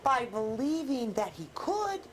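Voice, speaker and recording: A woman, a children's book author, talking with young children about her book in a coaxing, animated way and asking them questions. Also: high-pitched, measured pace, a little hiss or hum. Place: television studio with children.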